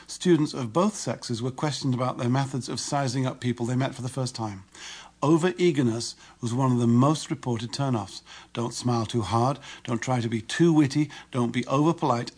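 Male narrator, mid-pitched, measured instructional read. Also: darkish tone, breathy edge. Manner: measured, instructive, explaining with examples. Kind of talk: scripted audiobook narration.

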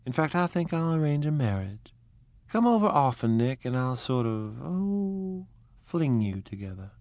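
A man's voice: mid-range voice, sing-song, measured pace, a little mellow, no echo, voice pushed up. A man voicing a charming, flighty young society woman in a storybook reading, with a breathless, gushing manner.

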